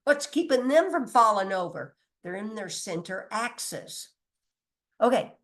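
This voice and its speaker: A woman's voice: fairly high pitch, big pitch swings, a little slow, a bit bright. Chatty, emphatic woman spiritual teacher. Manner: chatty and emphatic, laughs often, mild cursing; loses her place and restarts, reads from notes.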